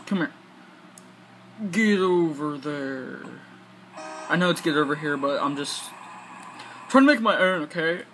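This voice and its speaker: A man giving casual gameplay commentary, excitable, talking back to the game, swearing and laughing. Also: a little high, a little fast, slight background noise, low-quality recording. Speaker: gaming channel host.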